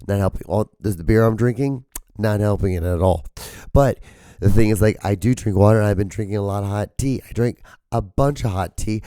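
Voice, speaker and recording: A hoarse man with a strained, cracking voice rambles through a casual podcast monologue, swearing freely. His voice sits low and sounds dark and mellow. The recording is dry and close. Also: fairly quick, no echo. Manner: profane, rambling, full of fillers. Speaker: podcast host.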